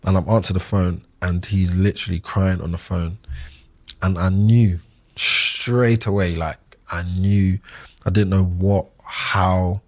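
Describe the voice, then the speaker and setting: A man in his thirties, a podcast guest, recalling a loss in a halting way with many fillers and restarts. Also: sits low, fairly even intonation, no echo. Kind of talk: emotional interview recollection.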